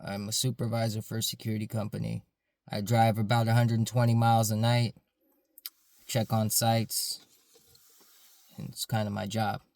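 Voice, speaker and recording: A man's voice: lowish voice, little pitch movement, normal speed, gravelly, long pauses, a little mellow, dry recording. A man, a security supervisor, earnestly telling a story in a casual, rambling way, full of fillers.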